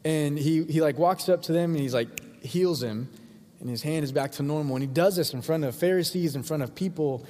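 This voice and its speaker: A man's voice: on the high side, fairly quick, a little mellow. A man preaching a sermon in a church, in a casual, conversational way. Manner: casual and conversational, acts out voices of the crowd. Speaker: pastor. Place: church sanctuary. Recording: long hall reverb.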